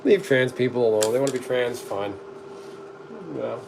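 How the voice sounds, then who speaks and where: Here the cooking streamer speaks at medium pitch and a moderate pace, his intonation fairly even. Still the middle-aged man joking dryly while reading live-stream comments to the camera, he coughs often over plainly noticeable background noise.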